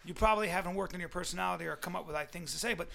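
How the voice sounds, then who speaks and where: A man's voice: sits high, racing, creaky, bright, forceful tone. A man on a crude comedy podcast, rambling and long-winded as he insists on finishing his point. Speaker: podcast co-host.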